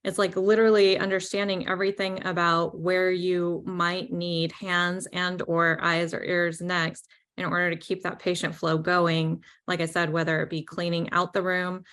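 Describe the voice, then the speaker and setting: A woman's voice: on the low side, level tone, moderate pace, a bit bright. A woman consultant talking casually on a business podcast, chatty and full of fillers. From New York. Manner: chatty, many "like" and "right?" fillers.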